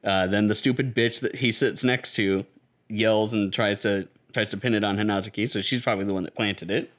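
A man casually recapping an anime episode with friends, swearing often and laughing, animated in his retelling. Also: fairly low pitch, fairly quick. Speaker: podcast co-host.

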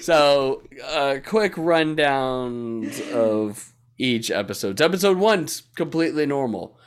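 A man's voice: medium pitch, animated, takes it slowly, clear, resonant tone. A young man co-hosting a casual chat, laughing often, swearing freely and acting out what people say. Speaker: podcast co-host.

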